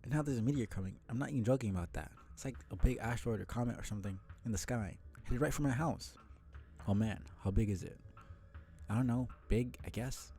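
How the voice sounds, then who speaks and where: A man's voice: mid-range voice, fast talker, soft background music, lightly acted. Man voicing a flustered thirteen-year-old boy. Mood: anxious. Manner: anxious, excitable.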